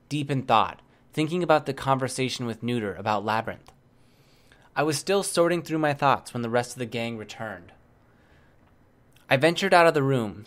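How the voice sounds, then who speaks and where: A man's voice: mid-range voice, fairly bright tone. A man narrating an audiobook in the first person, reading evenly and keeping the dialogue understated.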